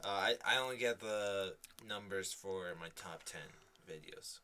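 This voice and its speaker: A man's voice: low voice, a little slow, pushed and bright. A young man co-hosting a casual podcast chat, teasing and jokey. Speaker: podcast co-host.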